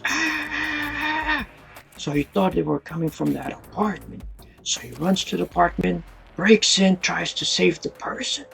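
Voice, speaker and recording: A man narrates a true-crime tale in a loose, dramatic storyteller style, jumping into voices and sound effects. His voice is heavily gravelly and sits a little high, rising and falling with animated swings. Faint music plays underneath.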